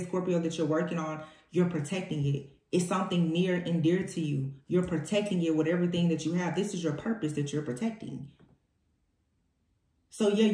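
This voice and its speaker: A tarot reader, a woman with a dark-toned voice on the low side, gives a spoken reading in an echoey room. She's emphatic, repeating her key phrases to give them weight.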